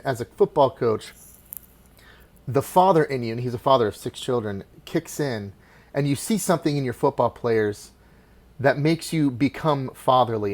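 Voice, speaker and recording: A middle-aged man hosting a solo sports podcast, talking with passion and rambling through many restarts, dropping to quiet asides and then rising into loud, excited bursts. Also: medium pitch. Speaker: podcast host.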